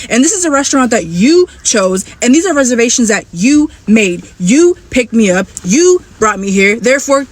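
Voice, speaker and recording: A woman telling a casual story in an indignant, profane rant. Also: a little high.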